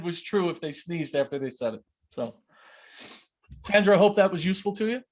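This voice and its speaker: A man coaching on leadership over a video call, his voice a little higher than most men's. He talks in an animated way and slips into the voices of the people he quotes. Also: brisk. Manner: animated, acts out quoted speech. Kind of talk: online masterclass Q&A.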